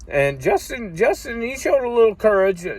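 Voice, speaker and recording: A man's voice: extremely high pitch, sing-song, moderate pace. A man casually telling a long personal story, cursing often and rambling with restarts. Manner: profane, rambling, acts out quoted voices loudly.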